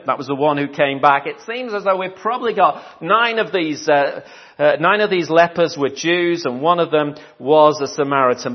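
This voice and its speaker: A man preaching a sermon, slightly muffled. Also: fairly high pitch. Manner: conversational preaching with rhetorical questions, repeats phrases for emphasis.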